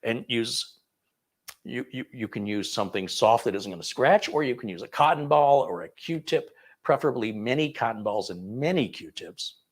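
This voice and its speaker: A man's voice: medium pitch, lively intonation, normal speed. A man hosting a casual live question-and-answer session on computers, chatty and digressive, amusing himself as he goes. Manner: chatty and digressive, self-amused. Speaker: tech channel host answering viewer questions.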